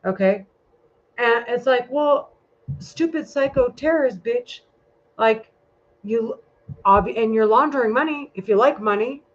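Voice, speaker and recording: A woman's voice: fairly high pitch, unhurried. A woman talking in a casual vlog monologue, rambling and heated, with a lot of swearing. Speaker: vlogger. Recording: muffled lo-fi recording.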